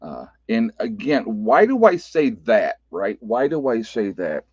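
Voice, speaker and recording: Fairly low-pitched and sing-song, with a darkish, slightly rough tone, this Appalachian-accented man hosts a casual livestream at a measured pace. There's no echo on the dull lo-fi webcam audio, and he talks loosely, laughing often and restarting sentences.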